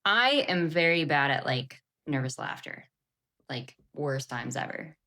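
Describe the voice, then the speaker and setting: A podcast co-host with a low, sharp-toned voice tells a story at a measured pace, sounding expressive. Her casual storytelling is chatty, full of fillers, and punctuated with laughter.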